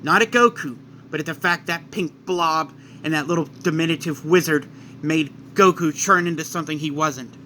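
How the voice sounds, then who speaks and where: A man's voice: a little high, normal speed, pushed and bright, slight background noise. A man casually narrating a fan-made story, retelling events in the present tense.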